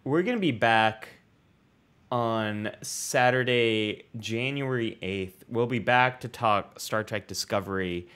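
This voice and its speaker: A man's voice: lowish voice, takes it slowly, smooth. A man co-hosting a casual livestream chat, reading out viewer comments in an upbeat way over a video call. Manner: reads viewer comments aloud, lively and upbeat. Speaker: co-host.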